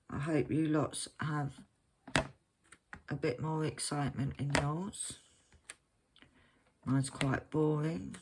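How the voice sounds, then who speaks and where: Slow, rambling woman chatting. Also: low voice, background noise. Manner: rambling, chatty, self-mocking. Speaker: crafting vlogger. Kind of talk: casual chat while crafting. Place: at home, at her craft desk.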